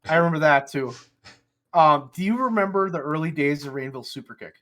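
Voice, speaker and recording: A man co-hosting a casual podcast chat, who swears freely and laughs through animated stories. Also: fairly high pitch, a little fast. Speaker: podcast co-host.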